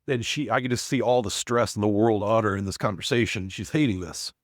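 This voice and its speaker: A man's voice: lowish voice, a little fast, no echo, studio quality. Rambling middle-aged man telling a story. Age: 40s. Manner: rambling, frequent restarts and fillers. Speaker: podcast guest, business owner. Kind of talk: casual storytelling.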